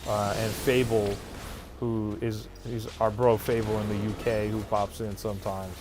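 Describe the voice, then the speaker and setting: A man's voice: fairly low pitch, level tone, normal speed, over music. A man hosting a livestream who reads viewer chat aloud and answers in a loose, casual way, with plenty of fillers and restarts. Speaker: livestream host.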